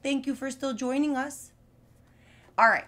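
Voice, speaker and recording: A young adult woman teaching young children live, speaking slowly with exaggerated, repeated words for them to copy, her voice still not fully recovered. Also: high voice, a bit bright. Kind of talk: live sing-song lesson for young children.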